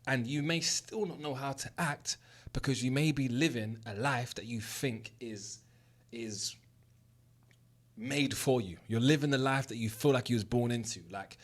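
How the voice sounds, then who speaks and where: A man's voice: mid-range voice, a little slow. A young man with a London accent, telling a personal story as a motivational monologue, candid and earnest, with plenty of swearing. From South West London. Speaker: host.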